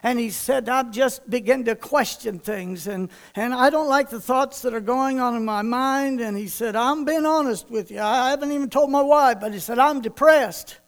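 A man's voice: very high voice, normal speed, hardly any pauses. A man preaching a sermon, telling a folksy personal story and voicing the people in it.

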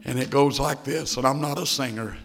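A man's voice: medium pitch, brisk, creaky. A man preaching a sermon, telling a story with feeling and building to passionate appeals. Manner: emotional storytelling that builds to passionate preaching, briefly sings a hymn.

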